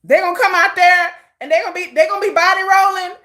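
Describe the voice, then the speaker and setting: A woman hosting a casual livestream, animated and slangy, laughing often. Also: very high voice, quick pace. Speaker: livestream host.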